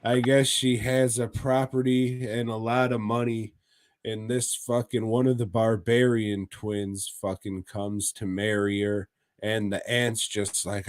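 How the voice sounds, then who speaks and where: A podcast co-host with a fairly low, flat voice speaks a little slowly as he recaps episodes of a horror anthology in casual chat. He jokes crudely and laughs as he talks. The studio sound is clean, with no echo.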